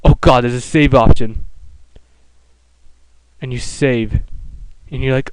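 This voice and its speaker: A young man, a let's play commentator with a mid-range, slightly mellow and smooth voice, speaks slowly with fairly even intonation. He gives joking, mock-dramatic gameplay commentary, narrating in the second person. The recording is rough but has no echo.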